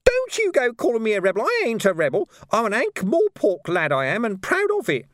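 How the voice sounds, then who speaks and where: A man's voice: big pitch swings, a little fast, fairly bright tone, dry recording, studio quality, heavily acted. A man voicing a scruffy, shifty young street lad who whines in common speech. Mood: indignant. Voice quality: high, whining, common speech.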